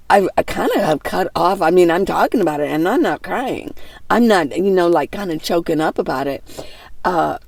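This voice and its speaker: Older woman vlogger, gravelly and mellow, rambling reflective chat, dry close sound. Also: fairly low pitch, no room sound. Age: 60s. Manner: rambling, warm-hearted, many fillers and restarts, laughs often. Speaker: van life vlogger. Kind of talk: casual reflective monologue to camera. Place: inside a minivan.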